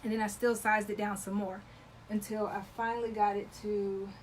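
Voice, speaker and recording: A woman's voice: mid-range voice, little pitch movement, normal speed, a little hiss or hum, rough recording. A talkative woman chatting with viewers while demonstrating embroidery on a live stream. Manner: talkative, loves to chat with viewers; greets viewers by name while working. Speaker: embroidery livestream host.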